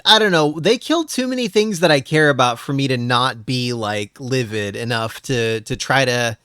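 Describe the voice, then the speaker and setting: A man chatting on a casual podcast as a guest, brash and animated, often breaking into laughter. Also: mid-range voice, normal speed, clear, resonant tone, no echo, studio quality. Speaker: VTuber streamer, podcast guest.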